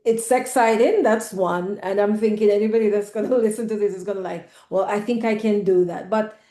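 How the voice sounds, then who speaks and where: A woman's voice: mid-range voice, darkish tone. A woman hosting an interview, probing her guest and rephrasing her questions as she goes. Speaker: interviewer host. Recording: echoey room.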